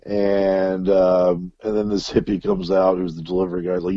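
A guest musician tells a long, profane story in a casual interview, full of fillers and restarts. His voice is low with little pitch movement, at normal speed with hardly any pauses, in a dry, dull-sounding recording.

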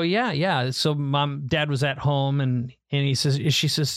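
A middle-aged man telling a personal story in a relaxed, conversational way, his voice bouncing up as he acts out the people in it. He sits at mid pitch and sounds close and dry, with no room echo. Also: moderate pace. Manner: animated storyteller, acts out quoted family voices. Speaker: podcast co-host. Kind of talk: casual storytelling.

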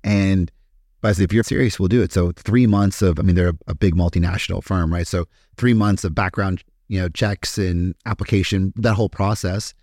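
A man with a Kentucky accent tells his own story as a podcast guest, candid and blunt, with frequent swearing and fillers. His voice sits fairly low. The recording is dry and close, with no room sound. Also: fairly even intonation, moderate pace, a little mellow, dry recording. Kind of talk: casual storytelling interview.

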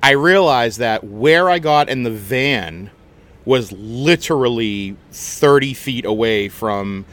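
A man hosting a podcast, telling a story in a casual, animated, chatty way and swearing freely. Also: mid-range voice, takes it slowly. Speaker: podcast host.

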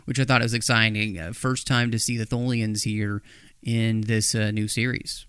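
A man's voice: lowish voice, level tone, normal speed, fairly bright tone, clear, resonant tone, no echo, clean studio sound. A man co-hosting a podcast in casual chat, jokey and talkative, tossing in silly impressions. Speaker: podcast co-host.

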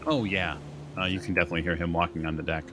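A man running a tabletop horror game as game master, narrating events calmly and calling for dice rolls. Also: deep voice, racing, noisy background.

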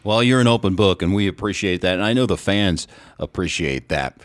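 A man's voice: low voice, a little fast, no echo. A middle-aged man hosting a sports podcast, asking questions with enthusiasm and acting out quotes. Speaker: podcast host, sports reporter. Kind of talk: interview.

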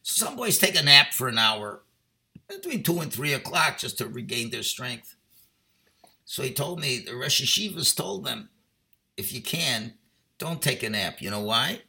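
A middle-aged rabbi gives a Torah talk, passionate and exhorting at first before settling into quiet, chatty storytelling sprinkled with Hebrew and Yiddish words. His mid-range voice is sing-song with vocal fry, at a moderate pace.

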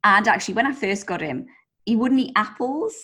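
A woman co-hosting a podcast, telling stories in a lively way and swearing casually. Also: medium pitch, a little fast, slightly rough. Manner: animated storyteller, swears casually. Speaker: podcast co-host. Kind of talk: casual chat.

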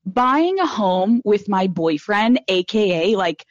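Profane, animated woman podcast host in her twenties. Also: medium pitch, slow pace, dry recording, lo-fi sound. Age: 20s. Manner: candid, profane, animated storytelling. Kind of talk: casual live podcast chat. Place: live audio room.

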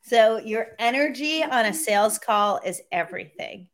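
A woman sales coach, a guest in an interview, telling stories and giving advice in a lively, conversational way. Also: a little high, moderate pace. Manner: animated storyteller, acts out quoted voices.

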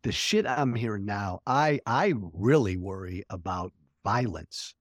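A man's voice: lowish voice, animated, unhurried, no room sound, studio quality. A man speaking as a guest in a casual political chat, blunt and profane, laughing often.

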